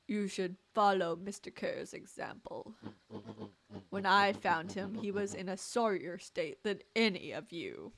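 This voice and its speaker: A woman's voice: medium pitch, animated, a bit bright, slight background noise. Woman doing a gloating old villain. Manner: slow, gloating, theatrical delivery. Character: scheming elderly male villain, smug and grandiose. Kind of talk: video game voice acting on a playthrough.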